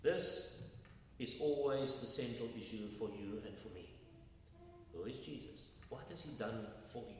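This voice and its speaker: A man's voice: medium pitch, unhurried, far from the mic, a little hiss or hum. Preacher man in an echoing hall. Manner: emphatic, rhetorical questions to the congregation. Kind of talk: sermon. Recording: roomy hall reverb, mic from afar.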